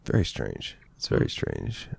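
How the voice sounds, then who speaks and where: Deep-voiced man in casual podcast chat. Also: huge pitch swings, a little slow, vocal fry, a little mellow, breathy edge, no echo. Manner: rambling, laughs often, swears freely. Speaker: podcast co-host.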